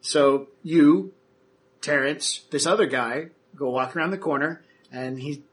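A man running a tabletop role-playing game, narrating in a casual, halting way with many fillers. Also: medium pitch, pushed and bright. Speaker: game master.

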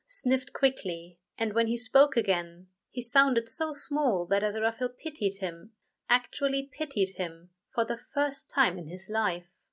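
A woman reading a story aloud, narrating in a gentle, even way. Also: a little high, measured pace. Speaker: reader. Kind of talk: reading fan fiction aloud.

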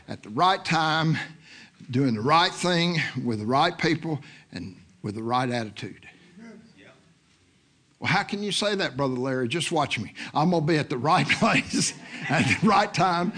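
A man with a high, bright voice preaches to a church congregation. He shifts between calm, low-key scripture teaching and bursts of loud, shouted exhortation. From Oklahoma. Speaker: guest minister. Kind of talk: sermon. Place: church sanctuary.

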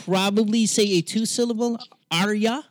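High-voiced Americanized-accent man, podcast host. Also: normal speed. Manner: profane, animated and argumentative with frequent stammered restarts. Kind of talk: casual podcast chat.

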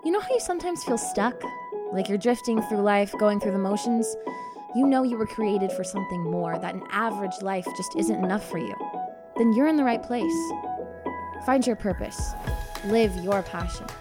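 Woman announcer, upbeat motivational promo read, loud piano music behind. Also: mid-range voice, animated, normal speed. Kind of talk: promotional voice-over intro.

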